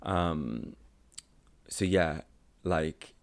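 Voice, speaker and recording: A man in his thirties with a very deep, gravelly voice talks as a guest on an interview show. He rambles in a loose, chatty way, restarting sentences and breaking into laughter. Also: expressive, very slow. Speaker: actor, podcast guest. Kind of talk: casual interview chat.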